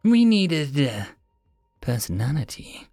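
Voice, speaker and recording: A man voicing a mocking, shapeshifting female machine envoy who talks slowly and teasingly. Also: a little high, sing-song, vocal fry, warm tone, no room sound, studio quality, soft background music, exaggerated voice. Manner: smug, teasing, slow and deliberate.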